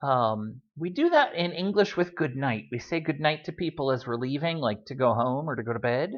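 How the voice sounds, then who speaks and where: A woman teaching a beginner Spanish lesson in a relaxed, chatty way, with frequent "um"s. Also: extremely low pitch, moderate pace. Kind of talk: recorded language lesson. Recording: dull lo-fi recording.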